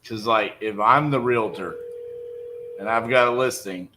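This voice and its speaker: A man's voice: on the low side, measured pace, sharp tone, a little hiss or hum, rough recording. A young man in casual livestream talk, blunt and conversational, with frequent fillers, between cold calls to sellers. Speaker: real estate wholesaler.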